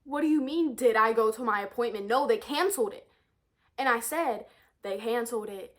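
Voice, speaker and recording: A teenage girl, a high school student, telling a storytime vlog in an exasperated, animated rant, repeating herself and swearing. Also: moderate pace. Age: teens. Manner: exasperated, animated ranting with frequent swearing and repetition.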